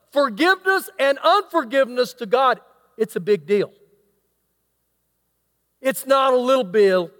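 Preacher, male, unusually high pitch, emphatic sermon delivery in a reverberant church. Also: a bit bright. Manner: preaching, reading scripture aloud with emphatic asides. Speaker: pastor. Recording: long hall reverb.

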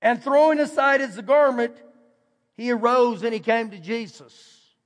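A man's voice: very high-pitched, unhurried, long reverb tail. A man preaching a sermon as pastor, in a conversational way that acts out the quoted voices. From Texas, USA. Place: church sanctuary.

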